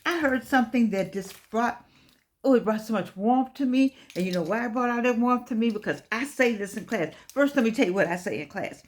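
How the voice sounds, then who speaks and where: An older woman giving an inspirational talk, telling stories in an animated, preacher-like way and repeating her phrases for effect. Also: a little high, a little fast, a little hiss or hum. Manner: animated preacher-like storytelling with repetition. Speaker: host.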